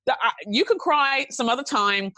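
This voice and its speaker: A woman, a podcast guest telling a personal story in conversation with frequent restarts. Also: sits high. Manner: animated, quick restarts while recounting a story.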